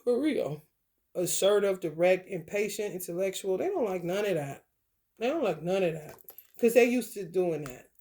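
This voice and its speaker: A woman's voice: mid-range voice, animated, normal speed, warm tone. Blunt, profane woman giving a tarot reading. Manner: blunt, profane, repeats phrases, laughs often. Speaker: tarot reader. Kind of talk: casual tarot reading rant.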